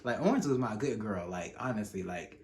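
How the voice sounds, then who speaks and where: Young man telling an animated storytime. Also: on the low side, a little fast, a little hiss or hum. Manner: animated, slangy, acts out quotes from the story. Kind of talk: casual storytime.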